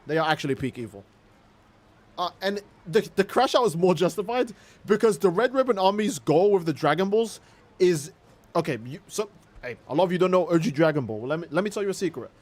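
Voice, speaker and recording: A young man in casual livestream commentary, talking in an excitable, profane, rambling way. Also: high voice, brisk. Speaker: streamer.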